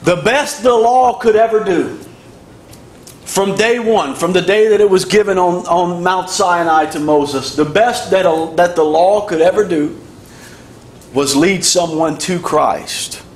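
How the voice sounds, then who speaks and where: A man's voice: high-pitched, a little slow. A man preaching a sermon, emphatic and repetitive in his cadence. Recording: echoey room.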